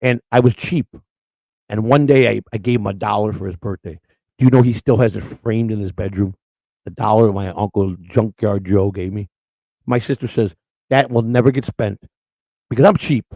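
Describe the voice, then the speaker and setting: Speaking at a normal speed in a lowish, mellow voice, a middle-aged livestream host rambles through stories with no echo around him. He chats with his live chat casually, crudely, and with plenty of emotion.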